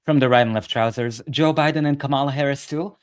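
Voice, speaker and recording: A man's voice: mid-range voice, quick pace, smooth. Male political commentator ranting on camera, sarcastic and profane.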